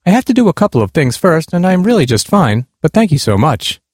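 A man's voice: a little high, sing-song, brisk, darkish tone, breathy edge, no echo, clean studio sound, pitched above the performer's own voice. A man reading the lines of a patient, good-humored blind woman traveler who stays polite but firm.

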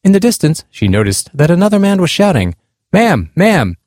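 A man narrating a nonfiction account in a measured, earnest reading. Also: high-pitched, very animated, warm tone, dry recording, studio quality.

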